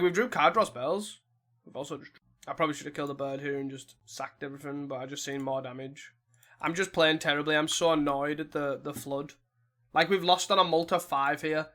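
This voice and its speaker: A man's voice: fairly high pitch, pushed and bright. A man casually commentating his own online card game, muttering his plays and grumbling at his own mistakes. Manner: muttering, self-critical, exasperated. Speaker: gameplay commentator.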